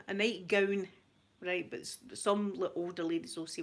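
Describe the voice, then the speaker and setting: A woman's voice: mid-range voice, fairly even intonation, moderate pace. Chatty Glaswegian woman, laughing often. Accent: Glaswegian Scottish. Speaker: ASMR channel host answering live chat. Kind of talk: casual live-stream chat.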